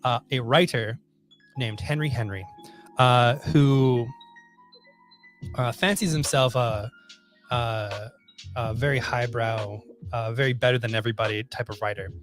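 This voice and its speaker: A man co-hosting a casual comics talk show, speaking haltingly with many fillers. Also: medium pitch, faint music behind. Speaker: podcast co-host at a comic shop. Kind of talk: casual chat, reading book blurbs.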